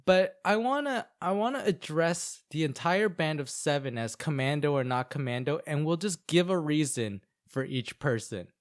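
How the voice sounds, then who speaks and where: A man's voice: fairly high pitch, clean tone. A man co-hosting a podcast, recapping an anime in a chatty, rambling way full of filler words. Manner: chatty, rambling recaps with many "like"s and acted-out quotes. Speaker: podcast co-host.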